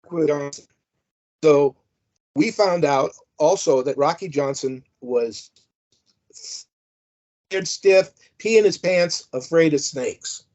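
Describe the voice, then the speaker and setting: A man's voice: on the high side, darkish tone. An older man, a former wrestling manager, telling rambling, amused anecdotes with lots of fillers. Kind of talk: anecdotal storytelling. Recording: dull lo-fi audio.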